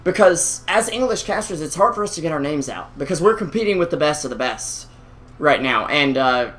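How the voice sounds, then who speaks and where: A man's voice: a little high, lively intonation, fairly quick, fairly bright tone. Chatty man breathing heavily into a headset. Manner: chatty, self-deprecating, breathes heavily into the mic. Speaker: esports caster. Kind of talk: casual chat between game commentary.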